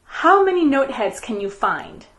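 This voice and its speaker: A woman teaching a recorded music lesson for young children, counting beats and speaking rhythm syllables in a slow, clear, patient way. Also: high-pitched, sing-song, heavy background noise. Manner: slow, clear, patient classroom delivery with counted clapping chants.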